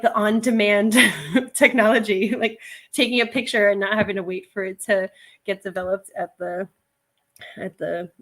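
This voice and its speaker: A middle-aged woman chatting casually on a livestream, reading viewer comments, laughing often and wandering into asides. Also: medium pitch. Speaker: livestream host, reseller.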